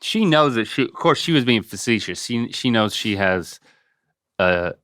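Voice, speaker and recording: A middle-aged man with a Southern North Carolina accent, hosting a casual chat in a quick, wry way. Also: mid-range voice, animated, fairly bright tone, dry recording, studio quality. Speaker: host.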